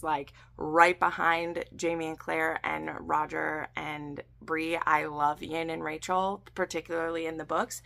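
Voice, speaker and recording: A woman's voice: sits low, creaky, fairly bright tone. A woman recapping a TV episode in a casual, gushing vlog chat, full of ums and asides. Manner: gushing, chatty, many fillers. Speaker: book and TV series recap vlogger.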